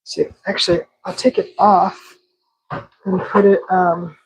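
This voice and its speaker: A woman's voice: fairly low pitch, flat delivery, slow, noisy background. A woman hosting a live cooking stream from her home kitchen, chatting casually and talking to the food as she works. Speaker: cooking show host.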